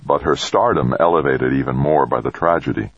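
Male audiobook narrator, very low and husky, measured read, dry muffled sound. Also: no room sound. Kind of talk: scripted narration.

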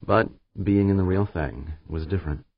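A man narrating an audiobook in a steady, measured reading style. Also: sits low, husky, no echo. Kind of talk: scripted narration. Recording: slightly dull, dry recording.

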